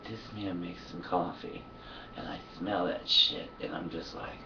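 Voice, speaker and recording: A man's voice: deep voice, steady tone, unhurried, distant mic, muffled recording, noisy background. A man talking to his camera in a loose, profane monologue, sleepy and yawning, laughing often between thoughts. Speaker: vlogger. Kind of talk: casual rambling monologue.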